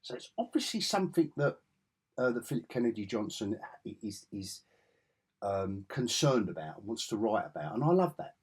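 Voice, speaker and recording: A man's voice: lowish voice, very animated, normal speed, husky. An English man with an enthusiastic, rambling way of talking, reviewing comic books in a casual vlog. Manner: rambling, enthusiastic, self-correcting.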